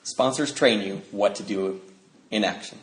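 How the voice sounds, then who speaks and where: A middle-aged man giving a personal recovery talk at a convention, an animated, jokey storyteller who acts out what people said. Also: fairly low pitch, a little slow. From United States. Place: convention hall. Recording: roomy hall recording.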